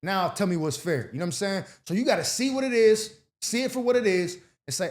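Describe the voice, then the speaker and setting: Man, advice show host, high-pitched, slangy, blunt, casual commentary. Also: animated, quick pace, hardly any pauses. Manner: slangy, blunt, streetwise banter; reads out viewer letters.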